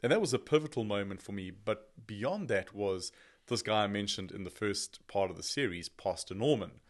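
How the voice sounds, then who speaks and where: Lower-voiced man telling his life story. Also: normal speed. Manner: animated, self-deprecating storyteller. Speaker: podcast guest. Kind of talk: personal testimony storytelling.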